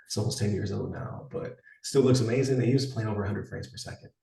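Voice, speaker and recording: A man's voice: fairly low pitch, quick pace, gravelly, mellow, recorded from a distance. A man in his forties, co-hosting a podcast in rambling casual chat with many fillers and restarts. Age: 40s. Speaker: podcast co-host. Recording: echoey room, somewhat off-mic.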